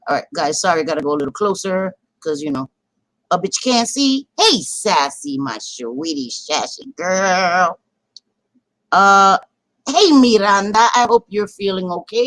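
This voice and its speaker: A woman's voice: medium pitch, a bit bright, dry recording, low-quality recording. Chatty, swearing woman livestream host. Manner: chatty, swears casually, greets viewers by name. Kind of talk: casual livestream chat.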